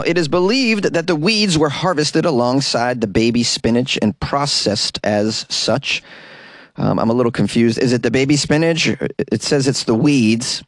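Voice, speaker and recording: A man hosting a comedy news podcast, reading headlines and then cracking sarcastic jokes about them. His voice sits in the middle of the male range. The sound is dry and close, with no room echo. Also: medium pitch. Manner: sarcastic, jokey asides. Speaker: podcast host.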